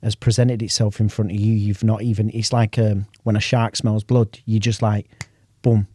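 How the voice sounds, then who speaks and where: A man's voice: fairly low pitch, level tone, normal speed, a little mellow, husky, no echo, clean studio sound. A man co-hosting a podcast, chatting casually and reflecting with enthusiasm, using British slang. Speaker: podcast co-host.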